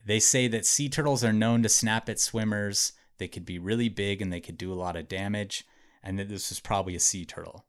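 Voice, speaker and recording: Briskly and in a fairly low voice, a podcast host recounts a true story to his friends. He keeps it chatty and casual, hedging often with "like" and "um."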